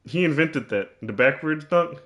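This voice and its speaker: A man's voice: on the high side, lively intonation, moderate pace, a bit bright. A man commentating his own basketball video game, teasing and trash-talking in a mock-serious way and often repeating himself.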